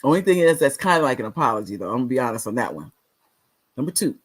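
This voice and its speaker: Animated woman host coaching viewers. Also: a bass voice, very fast, husky. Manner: animated, repeats key phrases for emphasis. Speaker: talk show host and author. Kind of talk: instructional talk to viewers.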